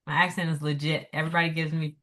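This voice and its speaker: A woman co-hosting a podcast in casual chat, animated and playful, fond of mock accents. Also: sits low, quick pace. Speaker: podcast co-host.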